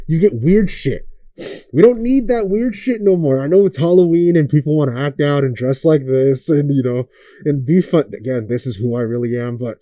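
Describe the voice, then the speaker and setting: A young man with a dark, mellow voice, pitched a little high for a man. He rants through a casual podcast, swearing freely and firing off rhetorical questions. The sound is dry and close. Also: no room sound, muffled recording. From Oakland area. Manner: profane, ranting, rhetorical questions. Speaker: podcast host.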